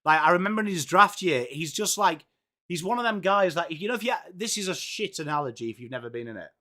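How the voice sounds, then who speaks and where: A man hosting a live football watchalong, reacting excitedly and chatting with viewers by name. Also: on the high side, quick pace. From England. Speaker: live-stream watchalong host. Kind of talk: live sports reaction and chat.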